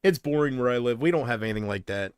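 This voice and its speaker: A man's voice: medium pitch, lively intonation, fast, clean tone, no echo, clean studio sound. Rambling man chatting on a livestream. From United States. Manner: rambling, unsure, drifting between thoughts. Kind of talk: casual livestream chat reading viewer comments.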